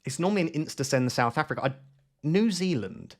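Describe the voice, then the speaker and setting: A man giving live gameplay commentary, thinking aloud in an excitable, self-questioning way. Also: on the high side, a little fast. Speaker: gaming YouTuber.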